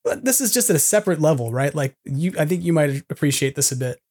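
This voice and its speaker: A man's voice: on the high side, animated, quick pace, darkish tone. A man hosting a podcast in casual chat, rambling and self-deprecating, laughing often. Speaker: podcast host.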